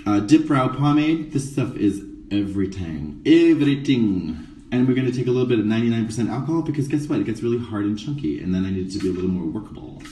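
A man's voice: mid-range voice, animated, racing, few pauses, mellow, roomy sound, recorded from a distance, rough recording. A man doing a drag makeup tutorial in a casual live stream, campy and sarcastic with rambling asides, in a dressing room before a show. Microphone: phone camera, a bit away.

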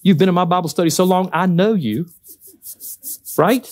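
A man preaching a sermon to his congregation in a church, passionate and excitable, speaking straight to the people in front of him. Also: sits high, brisk, pauses often. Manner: talks directly to the congregation. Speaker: pastor. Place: church sanctuary.

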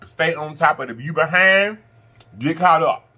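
This middle-aged Southern U.S. man speaks at normal speed in a sharp, somewhat high voice. A mukbang vlogger, he chats casually to the camera while eating, affectionate and a bit preachy, fondly calling his viewers "baby" and "y'all".

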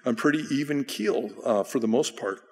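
A man's voice: medium pitch, moderate pace, a little mellow, in a large hall. A male pastor teaching a Bible study in a loose, self-deprecating way, often restarting his sentences. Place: church sanctuary.

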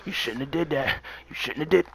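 A man's voice: on the high side, brisk, creaky, over a noisy crowd. A young man hosting a gaming session, taunting his friend and repeating the same lines over and over. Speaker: gaming channel host. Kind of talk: casual trash talk while gaming.

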